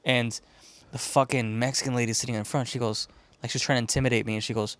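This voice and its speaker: A podcast host from Chicago rambles through a story, swearing freely and acting out the voices of the people in it. His voice sits at an ordinary middle pitch for a man. The sound is dry and close, with no room around it. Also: fast, dry recording. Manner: profane, rambling, animated retelling with quoted voices. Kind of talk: casual storytelling.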